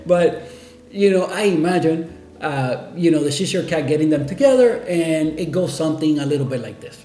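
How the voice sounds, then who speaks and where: A man's voice: fairly high pitch, animated, fairly quick, dark tone, roomy sound. A man hosting a coffee video, telling a rambling story with many fillers and laughs. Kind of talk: casual storytelling.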